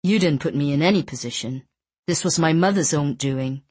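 This is a woman reading as a young man who soothes his bride-to-be in a storybook. His voice is low and soft, with slow, unhurried phrasing. The sound is close and dry. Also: husky, dry recording. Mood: reassuring. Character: young man, calm reassuring fiancé.

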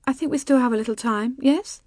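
A woman's voice: high voice, a little fast, darkish tone, dry recording, studio quality, pitched above the performer's own voice. A woman narrator voicing a playful, affectionate young noblewoman in a lifted, lighter voice. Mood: teasing. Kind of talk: audiobook character voice.

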